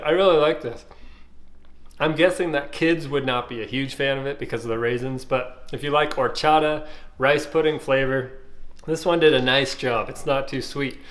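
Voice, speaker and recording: A man, casually reviewing ice pops and thinking aloud with fillers and pauses. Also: mid-range voice. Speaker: food reviewer.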